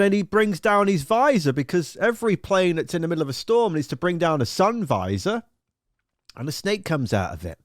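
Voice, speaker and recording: A man's voice: high voice, sing-song, normal speed, dry recording, clean studio sound. A man hosting a live radio stream, chatting casually and telling a rambling, profane, jokey story full of silly acted-out voices.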